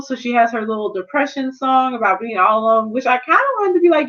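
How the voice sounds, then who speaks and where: Sassy high-voiced woman reviewing a film. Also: fairly quick, hardly any pauses, fairly bright tone, muffled recording. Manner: sassy, slangy, playful retelling. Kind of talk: casual spoiler review chat.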